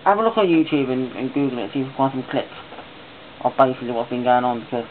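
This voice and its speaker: A man's voice: mid-range voice, fast talker. A man chatting casually in a vlog, rambling and enthusiastic as he talks on. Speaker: vlogger. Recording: tinny phone-like sound with faint hiss.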